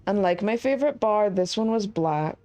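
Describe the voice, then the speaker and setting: Mellow-voiced woman streamer thinking aloud. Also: medium pitch. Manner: chatty, thinking aloud while puzzling. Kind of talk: casual live game commentary.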